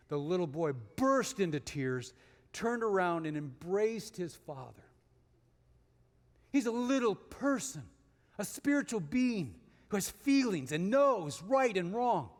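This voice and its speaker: Guest preacher, male, high-pitched, swings from forceful points to soft storytelling in a reverberant sanctuary. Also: lively intonation, normal speed. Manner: swings from emphatic rises to hushed storytelling. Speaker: guest speaker. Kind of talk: sermon. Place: church sanctuary. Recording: long reverb of a large hall.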